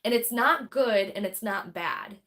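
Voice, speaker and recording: A woman's voice: mid-range voice, unhurried, a bit bright. A woman hosting a tarot livestream, chatting casually and candidly, rambling and swearing freely as she responds to viewers. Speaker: tarot reader and livestream host.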